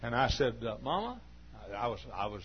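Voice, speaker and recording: A pastor in his forties tells a folksy story during a sermon, talking fast and chattily with lots of "uh" fillers. His voice is lowish and fairly even, captured on a dull lo-fi recording with a faint hum.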